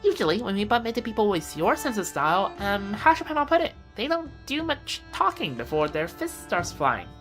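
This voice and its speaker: A woman voicing a tiny, excitable fairy companion in a chirpy, nervous manner, reading game dialogue aloud. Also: mid-range voice, fairly quick, hardly any pauses, soft background music, voice pushed up.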